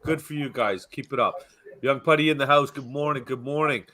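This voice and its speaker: Bright, chatty man hosting a live stream. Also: mid-range voice, fairly quick. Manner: chatty, greets viewers warmly. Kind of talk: casual live stream chat.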